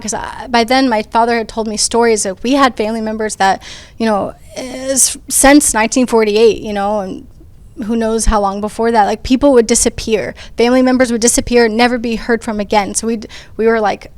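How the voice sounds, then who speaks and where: Earnest woman, higher voice. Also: fairly even intonation, fairly quick, no echo. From United States. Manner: earnest, conversational, frequent ums and restarts. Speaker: panel speaker. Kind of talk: personal testimony in a panel discussion.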